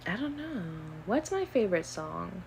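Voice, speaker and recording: A young woman casually answering would-you-rather questions on her own channel, chatty and animated, with plenty of fillers. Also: medium pitch, normal speed, gravelly, faint music behind. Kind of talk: casual chat.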